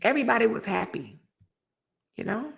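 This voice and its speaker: A middle-aged woman, hosting a casual live stream and telling a story, acting out quoted voices with sudden high jumps. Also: normal speed, gravelly. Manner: animated storyteller, acts out quoted voices with big pitch jumps. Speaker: host of a live relationship talk show.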